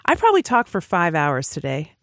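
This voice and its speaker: A woman's voice: low-pitched, wildly swooping pitch, brisk, fairly bright tone, no echo. Woman podcast co-host, chatty and giggly, dry close sound. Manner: chatty, laughs often. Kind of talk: casual chat.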